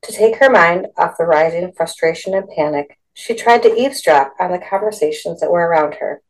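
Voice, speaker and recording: A woman narrating a storybook with a steady, expressive delivery. Her voice sits slightly low for a woman. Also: brisk, rough recording. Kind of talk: storybook reading.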